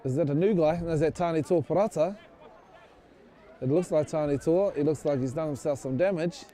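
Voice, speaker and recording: A man calls a club rugby match from the sideline in a high voice. His commentary is casual, rambling and full of jokes, and he is often unsure of player names. A faint crowd sits behind him outdoors. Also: fairly quick, warm tone.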